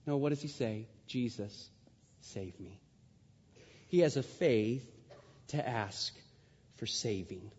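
A man preaching a sermon in a church, swinging from hushed, drawn-out words to loud, rising passages. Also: mid-range voice, slightly rough. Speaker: pastor. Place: church sanctuary. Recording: dull sound with long hall reverb.

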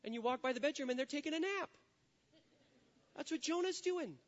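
A middle-aged male pastor preaching a sermon, telling stories with lively energy and acting out the voices in them. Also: extremely high pitch, brisk. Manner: animated storytelling, acting out quoted voices. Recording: dull lo-fi sound.

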